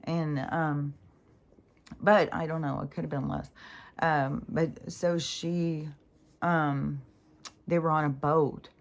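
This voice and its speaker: Middle-aged woman, low voice, loose rambling vlog talk full of ums and curse words. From Pacific Northwest US. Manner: rambling, profane, many fillers and restarts. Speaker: spiritual vlogger. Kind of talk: casual rambling monologue.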